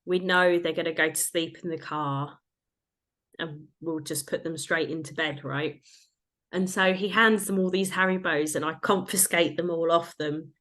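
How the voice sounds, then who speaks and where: A woman's voice: low voice, steady tone, moderate pace, a bit bright. Laughing woman host telling stories. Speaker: podcast host. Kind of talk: casual chat.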